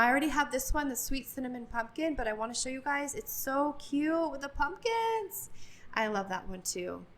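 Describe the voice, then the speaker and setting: Brief: upbeat woman vlogger, a touch high-pitched, chatty and gushing with fillers, phone-filmed store walkthrough. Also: a bit bright. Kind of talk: casual store walkthrough vlog. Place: large retail store, indoors.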